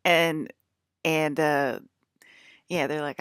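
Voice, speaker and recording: A woman's voice: deep voice, moderate pace, no echo, clean studio sound. A woman in a loose, rambling monologue. She laughs often and mocks the voices of people she quotes. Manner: loose, rambling, full of restarts.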